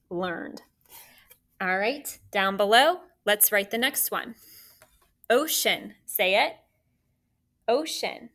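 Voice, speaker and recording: A woman teacher giving a spelling lesson to children, slow and deliberate, sounding out words letter by letter. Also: mid-range voice, fairly bright tone.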